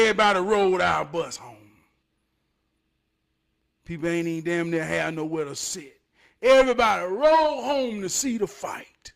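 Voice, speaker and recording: Forties guy telling an old fight story, high bright voice, gets loud then goes real quiet. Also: unhurried, vocal fry. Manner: animated, loud bursts, drops to hushed tones. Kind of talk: casual storytelling vlog.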